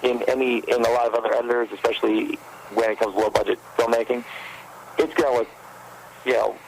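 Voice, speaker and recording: A man, a fan filmmaker guest, telling stories in a rambling, animated way during a casual interview, with a gravelly voice. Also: medium pitch, fast, a little hiss or hum, poor audio.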